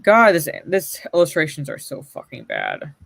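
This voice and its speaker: A man's voice: fairly high pitch, wildly swooping pitch, moderate pace, vocal fry, fairly bright tone, dry recording. A man co-hosting a casual online chat show, reading comic panels aloud with sarcastic, swearing commentary. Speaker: podcast co-host.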